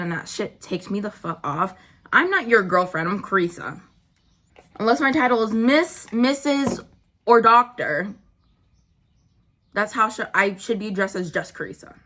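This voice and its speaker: A woman's voice: medium pitch, fairly bright tone. A young woman telling a story in a blunt, sarcastic way, swearing often, while doing her makeup at home. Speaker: beauty vlogger. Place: at home indoors.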